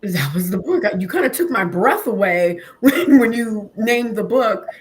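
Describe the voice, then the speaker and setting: A woman's voice: medium pitch, lively intonation, measured pace, a little hiss or hum. A woman hosting an interview who speaks in a heartfelt, emotional way. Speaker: interview host. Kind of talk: casual interview talk.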